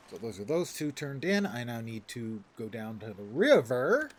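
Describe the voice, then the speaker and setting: A man's voice: mid-range voice, big pitch swings, normal speed. A man streaming a game, joking and chatting casually as he plays and reads game text aloud. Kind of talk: casual gameplay commentary.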